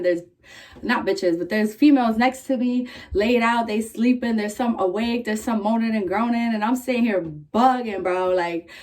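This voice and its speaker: A young woman vlogging, casually telling a story in a candid, profane, animated way, full of "like" fillers. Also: medium pitch, moderate pace.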